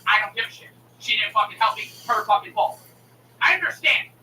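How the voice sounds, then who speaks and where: A man's voice: high voice, monotone, fast talker, pushed and bright, distant mic. Young man ranting angrily, swearing. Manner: profane, heated, indignant ranting. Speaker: streamer. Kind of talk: angry storytelling rant to camera. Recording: roomy, from off the mic, faint noise.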